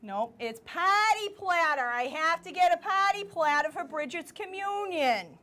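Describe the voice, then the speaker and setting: A comedian on stage playing a loud, teasing middle-aged woman with a Boston accent. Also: extremely high pitch, expressive, normal speed, heavily acted. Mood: brassy. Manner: brassy, teasing, exaggerated. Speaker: stand-up comedian in character. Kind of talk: live stand-up character comedy on stage. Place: stage at a live telethon.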